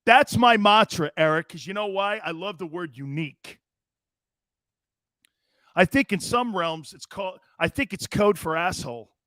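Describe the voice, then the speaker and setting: A man's voice: high voice, animated, moderate pace, pushed and bright, no echo, clean studio sound. A man hosting a sports talk show, joking and rambling and laughing often.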